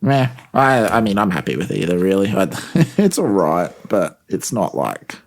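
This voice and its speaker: A man co-hosting a casual podcast, talking in a wry, deadpan way. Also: sits low, moderate pace, gravelly. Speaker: podcast co-host. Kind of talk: casual chat.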